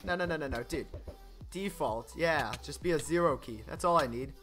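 A man streaming gameplay, chatting casually, getting excited and laughing often. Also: fairly high pitch, moderate pace, soft background music. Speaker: gaming streamer. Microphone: desk microphone.

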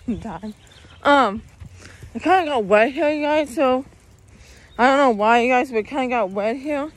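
A woman's voice: high voice, a little slow, long pauses. A young woman vlogging outdoors while she walks, talking to her viewers in a rambling way and saying "you guys" constantly. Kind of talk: casual walking vlog. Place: outdoors on a walk.

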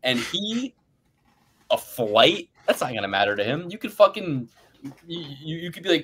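Loud boastful man ranting. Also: lively intonation, moderate pace. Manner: loud, boastful, swings pitch and pace wildly, laughs a lot. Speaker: podcast co-host. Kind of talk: profane ranting fight predictions.

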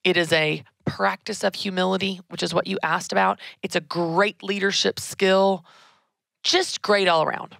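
A woman, hosting a casual advice talk in an energetic, emphatic way, repeating key words. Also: mid-range voice, normal speed, gravelly, no room sound, clean studio sound. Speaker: podcast host answering a listener question.

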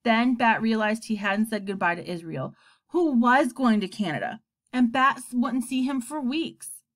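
With a voice on the higher side and an ordinary pace, a woman reads a children's story aloud in a lively, expressive way.

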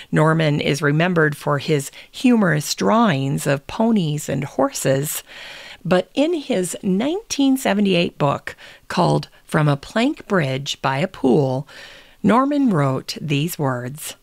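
Slow, low-voiced woman with gravelly tone. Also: dry recording. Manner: unhurried, reads quotes aloud. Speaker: podcast host. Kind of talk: scripted podcast narration.

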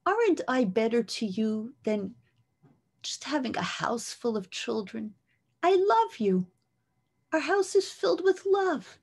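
A woman voicing a gentle husband in a retold scripture story, soothing his wife with tender reassurance. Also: extremely high pitch, sing-song, measured pace, creaky, full character voice.

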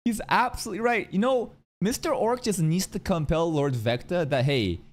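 A man reacting to an anime episode in casual, excitable commentary. He swears freely and jokes at the screen. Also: sits high, normal speed. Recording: anime audio playing behind him.

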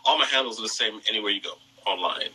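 A man's voice: on the low side, fast, sharp tone, poor audio. A man from Antigua and Barbuda with a Caribbean accent, a guest on a live video call, giving brief, matter-of-fact answers. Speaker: guest photographer. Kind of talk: casual live interview.

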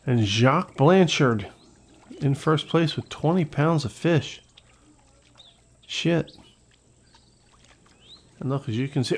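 A man hosting a gaming channel, giving casual, excitable gameplay commentary, talking to viewers and swearing when things go wrong. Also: mid-range voice, slow pace, vocal fry, pauses often, low-quality recording.

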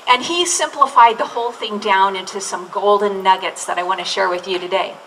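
A woman's voice: mid-range voice, brisk, fairly bright tone, a little hiss or hum. A woman pastor delivering a sermon, preaching in an earnest way and drawing out key words for emphasis. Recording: distant mic with faint room ambience.

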